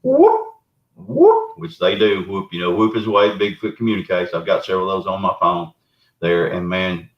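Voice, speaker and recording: A man's voice: low-pitched, brisk. A middle-aged man with a Southern US accent, a Bigfoot researcher and show guest, telling his story in a folksy, rambling way. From Arkansas, US. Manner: folksy, rambling, animated retelling. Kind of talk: casual storytelling. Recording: roomy, dull lo-fi remote audio.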